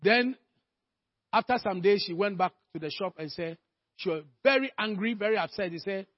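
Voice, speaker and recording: A man's voice: high voice, normal speed, no room sound, muffled recording. A man preaching a sermon, calling for amens and telling stories to make his point. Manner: rhetorical, calls for amens, storytelling.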